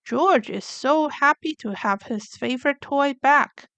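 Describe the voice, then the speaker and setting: A woman reading a children's picture book aloud with slow, clear, gentle narration. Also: sits high, no room sound.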